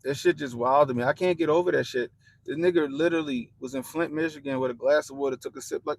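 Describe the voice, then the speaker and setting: A young man hosting a livestream, ranting bluntly and profanely about politics to his chat in animated slang. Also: a little high, quick pace, gravelly, low-quality recording. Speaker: livestream host.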